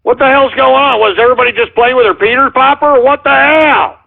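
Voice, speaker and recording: Very high-pitched, brisk and gravelly, this call-in radio host takes voicemails and irritably rants, cursing his callers. The audio is tinny, like a phone over the radio.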